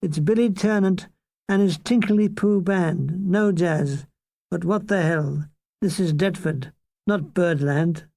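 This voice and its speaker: This older man from Ireland has a mellow voice that sits high, with some vocal fry, captured in a dry recording. He reads his own war memoir in a dry, comic storytelling manner, adding quick asides and mock voices.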